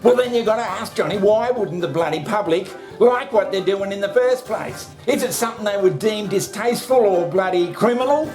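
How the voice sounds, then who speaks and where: A man's voice: high voice, a little fast, few pauses, a little mellow. Australian man, vlog rant, blunt and sweary, rhetorical questions, music playing underneath. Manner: rhetorical questions, heavy swearing, addresses himself by name. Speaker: vlogger. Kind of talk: casual ranting monologue.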